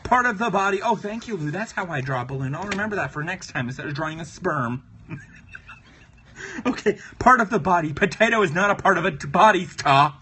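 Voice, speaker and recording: A man's voice: sits high, animated, fairly quick, pushed and bright, slight background noise. A man hosting a casual live stream, drawing while he chats with viewers in a playful, giggly way. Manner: playful, giggly, talks to viewers and repeats catchphrases. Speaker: livestream host.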